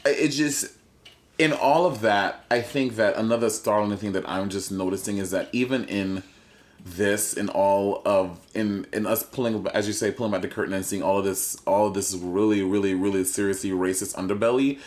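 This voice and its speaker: A man co-hosting a podcast, talking in an earnest, halting way and repeating himself as he gets emotional. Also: fairly low pitch, steady tone. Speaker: podcast co-host.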